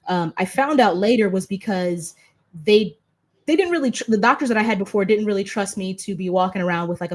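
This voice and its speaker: A woman in her thirties from the United States, hosting a casual panel conversation and talking freely with many fillers and restarts. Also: fairly low pitch. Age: 30s. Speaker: host and patient advocate.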